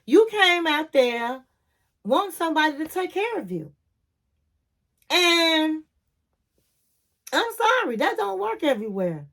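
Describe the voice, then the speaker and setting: Sassy high-voiced woman from Chicago. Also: sing-song, unhurried, pauses often, a bit bright. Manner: sassy, blunt, acts out the cast's lines. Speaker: reality TV recap vlogger. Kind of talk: casual recap commentary.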